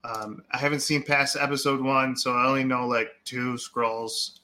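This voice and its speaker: A man's voice: mid-range voice, flat delivery, normal speed, bright, forceful tone. A man co-hosting a podcast, chatting casually about movies, rambling and full of fillers. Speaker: podcast co-host.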